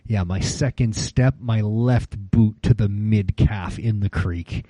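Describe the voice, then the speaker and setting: A man in his late forties chatting casually on a podcast, telling stories and acting out quotes in higher voices. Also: takes it slowly, warm tone, no room sound. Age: 40s. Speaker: podcast co-host. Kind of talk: casual chat.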